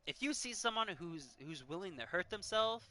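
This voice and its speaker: A man's voice: high-pitched, lively intonation, normal speed, sharp tone. A man in his thirties, a game streamer talking earnestly and emotionally, choked up and sighing often. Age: 30s. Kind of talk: casual chat while gaming.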